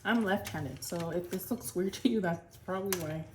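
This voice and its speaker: A woman's voice: lowish voice, moderate pace, a little mellow, slight background noise. A woman in her thirties, a home cooking vlogger, chatting casually to viewers while she demonstrates a recipe in her kitchen. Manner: chatty, laughs between remarks, talks to viewers as friends.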